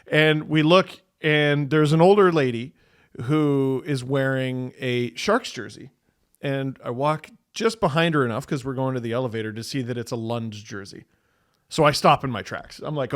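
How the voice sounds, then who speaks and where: A man's voice: mid-range voice, moderate pace. A man co-hosting a podcast, telling a story in a casual, playful way and acting out the quotes. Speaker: podcast co-host.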